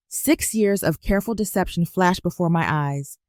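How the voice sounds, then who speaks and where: A woman narrating a first-person story as scripted narration in a measured, even storytelling delivery. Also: on the low side, dry recording, clean studio sound.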